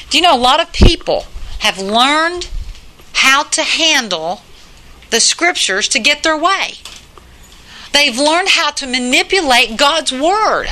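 A woman's voice: sits high, sharp tone. An older woman preaching a sermon in an earnest, plain-spoken way, repeating her points for emphasis.

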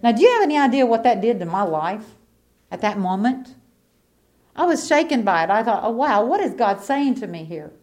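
A woman's voice: fairly high pitch, big pitch swings, moderate pace. Fervent middle-aged woman preaching. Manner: repetitive, builds from hushed storytelling to fervent preaching; folksy, colloquial. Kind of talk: sermon.

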